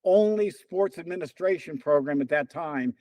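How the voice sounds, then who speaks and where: An older man with a high, lively voice spins anecdotes as an interview guest, slipping into the voices of the people he quotes. The sound is close and dry. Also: normal speed, no room sound. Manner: animated storyteller, acts out quoted dialogue. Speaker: interview guest, runner and coach. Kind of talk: casual storytelling.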